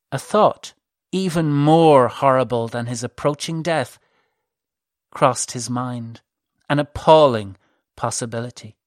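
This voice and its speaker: A male narrator reads a fantasy story aloud in a measured, unhurried way. His voice sits in an ordinary middle register. The recording is dry, with no room sound. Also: mid-range voice, dry recording. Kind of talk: audiobook narration.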